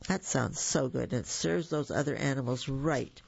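A storyteller reading children's stories aloud, with gentle chatty asides to the listeners. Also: medium pitch, normal speed, vocal fry, slightly rough. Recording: muffled lo-fi recording.

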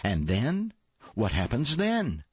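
A man's voice: mid-range voice, wildly swooping pitch, slow pace, slightly rough, dry recording, exaggerated voice. A man voicing a restless young fir tree that longs to be taken away, asking eager questions. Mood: anxious. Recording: dull lo-fi, dry.

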